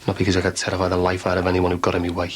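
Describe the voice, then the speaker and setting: Brief: a man as a reformed tearaway, deep and husky, quick, blunt. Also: completely flat delivery, a little hiss or hum, close to an everyday voice. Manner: blunt, rueful storytelling. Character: reformed young Liverpool tearaway, sober, earnest. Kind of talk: 1990s TV soap acting.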